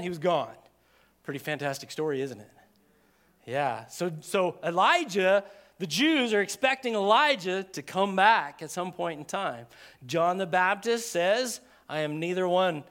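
A pastor preaches to his congregation in a high, smooth, clear voice. He talks in an easygoing, conversational way and checks in with his listeners. He acts out the people he quotes with dramatic shifts in his voice. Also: a bit bright. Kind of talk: sermon.

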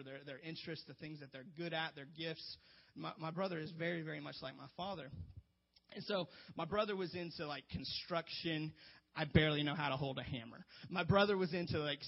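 Earnest youth pastor preaching. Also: male voice, a little high. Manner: earnest, emphatic, joking asides. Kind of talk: sermon. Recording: dull lo-fi sound.

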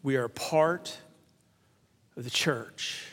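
A male pastor preaching a sermon in a church. He leads the congregation in call and response and drops to a hush on key words. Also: mid-range voice, unhurried. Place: church sanctuary. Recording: long reverb of a large church.

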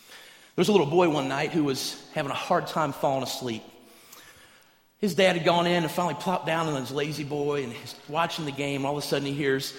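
Male pastor, higher-pitched voice, animated sermon delivery, roomy echoing sanctuary. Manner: animated storytelling, acts out voices in anecdotes. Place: large church hall. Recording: echoey hall, preached from a stage.

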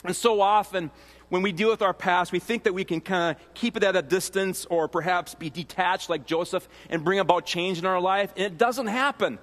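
A man with a notably high voice preaches in a big church auditorium, and his words ring out with a long reverb tail. He teaches in an easygoing, conversational way, stopping to restart phrases and to toss in asides to the congregation. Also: moderate pace, a bit bright. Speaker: pastor. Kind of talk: sermon. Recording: long reverb of a large hall.

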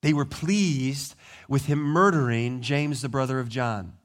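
A male pastor preaching a sermon, telling the story with lively, animated delivery and acting out the people in it. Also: mid-range voice, measured pace.

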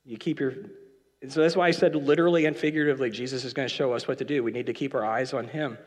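A man's voice: medium pitch, fairly even intonation, fast talker. A man preaching a casual, conversational sermon with joking asides, now and then acting out quoted lines. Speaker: pastor. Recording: long hall reverb.

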